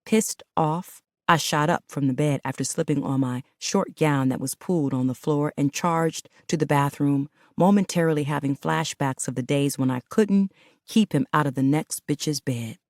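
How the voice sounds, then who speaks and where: Deep-voiced woman narrating an audiobook. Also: moderate pace, a little mellow, no echo, clean studio sound. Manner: intimate, emotional storytelling. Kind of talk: first-person audiobook narration.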